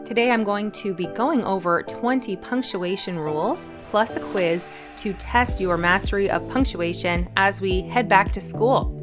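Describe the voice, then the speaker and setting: A woman's voice: medium pitch, a little slow, over music. A woman hosting her own channel, giving a patient English punctuation lesson. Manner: clear, patient explaining. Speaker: English teacher. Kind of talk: online grammar lesson.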